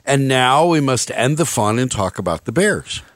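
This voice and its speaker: A man's voice: mid-range voice, lively intonation, moderate pace, no room sound. Wry male sports radio host. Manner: wry, sardonic commentary. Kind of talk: radio show hosting.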